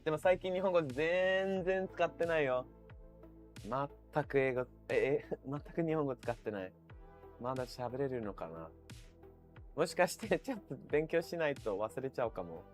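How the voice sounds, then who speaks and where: A man's voice: medium pitch, lively intonation, fairly quick, soft background music. A man streaming live, chatting casually and reading out viewer comments, swearing freely and laughing often.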